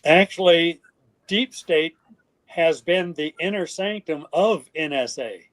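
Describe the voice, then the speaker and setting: A man's voice: a little high, slow pace. Older man telling stories in an interview. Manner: animated, acts out quoted voices. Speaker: guest. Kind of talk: storytelling interview.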